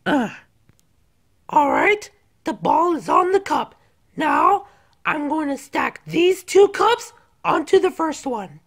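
A woman's voice: high-pitched, wildly swooping pitch, slow pace, pauses often, pitched below the performer's own voice, full character voice. A woman voicing a young male fox who plays a showy stage magician in a plush toy skit, boastful and theatrical, stretching out his magic words. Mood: explaining.

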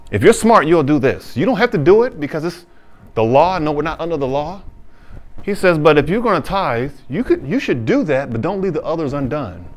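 A male pastor preaching a sermon, reading scripture slowly and then explaining it in casual, plain talk. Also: medium pitch. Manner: casual informal phrasing.

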